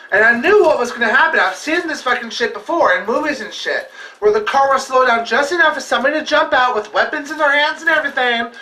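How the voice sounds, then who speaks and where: A man's voice: very high-pitched, bright, forceful tone. A man vlogging, telling a personal story in a casual, heavily profane, emphatic and rambling way. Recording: echoey room, distant mic.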